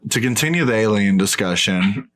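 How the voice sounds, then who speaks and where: Male podcast host, lowish voice, blunt and profane, dismissive in casual debate. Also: expressive, normal speed, fairly bright tone.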